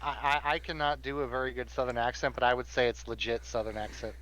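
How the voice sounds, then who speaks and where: A man running a tabletop game, relaxed and matter-of-fact, on a slightly dull mic. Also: medium pitch, fast, slight background noise. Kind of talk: casual tabletop game chat.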